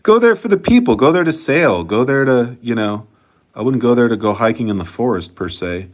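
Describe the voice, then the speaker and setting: A man's voice: medium pitch, expressive, brisk. A man chatting casually in a vlog, reading viewer comments and swearing freely while he rambles. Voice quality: profane, rambling, laid-back. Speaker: channel host.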